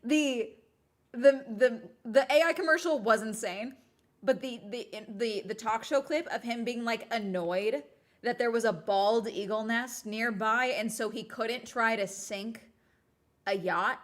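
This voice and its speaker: A woman's voice: a little high, a little slow. Rambling sarcastic woman streamer. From United States. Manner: rambling, sarcastic, talks to chat. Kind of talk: casual livestream chat.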